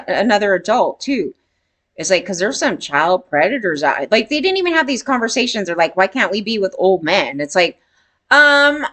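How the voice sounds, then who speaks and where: A woman's voice: medium pitch, fairly bright tone. A woman giving casual opinion commentary in a blunt, rambling way, swearing freely.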